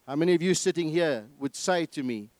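A man's voice: on the high side, lively intonation, a little fast, a little mellow, no echo. A man preaching a sermon in a church, telling a story earnestly and often repeating his words.

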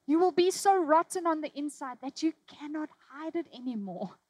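A woman preaching a sermon, telling a personal story with emotion, dropping from loud, urgent lines to hushed ones. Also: high-pitched, animated, normal speed, dry recording, rough recording.

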